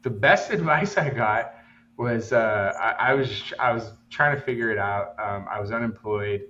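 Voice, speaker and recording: A man's voice: on the low side, moderate pace, bright, forceful tone, roomy sound, lo-fi sound, a little hiss or hum. A man from Los Angeles, a podcast co-host, telling a long casual story full of fillers and acted-out quotes. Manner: rambling, many fillers, acts out quotes.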